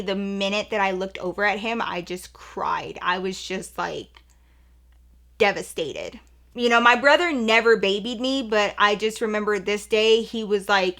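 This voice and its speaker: Bright-voiced young woman telling a story. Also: medium pitch. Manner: chatty, many "like" fillers, acts out quoted lines. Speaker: storytime vlogger. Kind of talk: casual storytelling.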